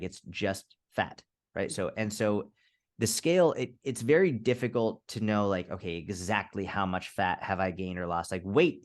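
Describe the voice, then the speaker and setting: A man being interviewed as a fitness coach, speaking casually and candidly, swearing now and then and acting out little scenarios. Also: fairly low pitch. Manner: candid, swears, quick restarts, acts out scenarios. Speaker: fitness coach, podcast guest.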